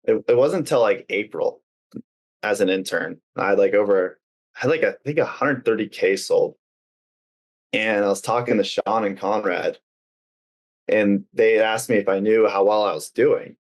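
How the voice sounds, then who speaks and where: A man's voice: lowish voice, moderate pace. A young man being interviewed on a podcast, talking earnestly and casually, with many uses of 'like' and hesitant restarts. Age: young adult. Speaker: guest.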